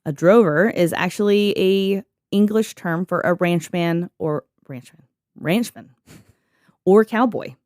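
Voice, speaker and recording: A woman's voice: lowish voice, measured pace, darkish tone, dry recording, clean studio sound. A young woman co-hosting a podcast in a casual, joking way, reading from notes and laughing often. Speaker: podcast co-host.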